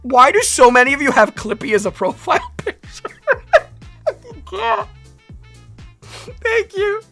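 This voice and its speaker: A woman VTuber chatting casually on a live stream. She reads out viewer comments in an animated, rambling way and is quick to laugh. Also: high voice, faint music behind.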